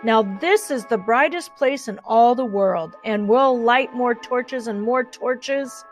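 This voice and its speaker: A woman's voice: a little high, takes it slowly, soft background music. A woman voicing an eager old grandfather in a storybook reading. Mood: excited. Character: excited old grandfather lighting torches.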